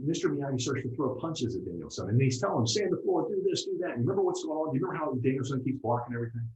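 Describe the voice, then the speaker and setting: Animated man in an echoey room. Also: mid-range voice. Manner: animated, keeps checking in with the audience. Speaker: motivational speaker. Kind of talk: motivational seminar talk to a live group. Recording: roomy, dull lo-fi room recording.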